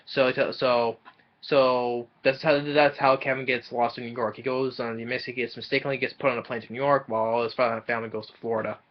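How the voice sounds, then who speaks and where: A man casually recapping a film plot, rambling and halting, with many fillers and restarts. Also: medium pitch, level tone, highs cut off. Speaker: movie reviewer.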